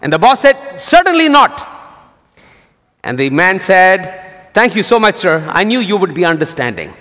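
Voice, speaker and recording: A male pastor preaching a sermon, telling jokes as a lively storyteller. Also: high-pitched, moderate pace. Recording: long hall reverb.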